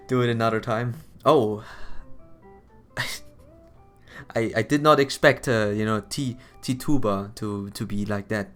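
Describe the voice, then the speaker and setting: Man streamer, worn tired voice, chatty, quick to laugh, stammers on restarts. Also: lowish voice, fairly even intonation, faint music behind. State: tired, worn voice after hours of talking. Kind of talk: casual live-stream chat between game lines.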